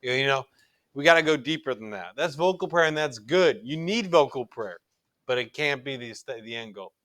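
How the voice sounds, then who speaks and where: A man's voice: mid-range voice, expressive, moderate pace, a bit bright, dry recording. A middle-aged man teaching a recorded religion class in an earnest, conversational way, often restarting his sentences.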